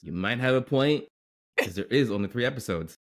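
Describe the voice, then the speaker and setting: A man's voice: medium pitch, expressive, fairly quick. A man co-hosting a podcast in casual chat, playful and easygoing, with a teasing edge. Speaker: podcast co-host.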